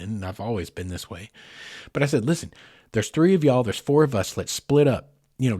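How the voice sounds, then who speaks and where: A husky-voiced man tells a first-person scary story on his podcast. He delivers it with animated drama, jumping from hushed tension to loud bursts and acting out the sounds. The recording is dry and close. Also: mid-range voice, no echo. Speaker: podcast host.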